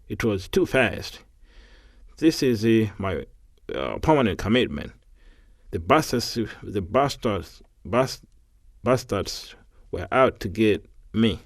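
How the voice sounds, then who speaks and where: A man with a Tanzanian accent reading English practice sentences aloud, halting and repeating words. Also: lowish voice, no echo, clean studio sound.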